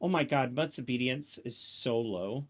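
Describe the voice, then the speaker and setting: A man's voice: mid-range voice, moderate pace. A man giving casual, joking gameplay commentary, chatting to himself and to the game as he plays. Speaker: gameplay streamer.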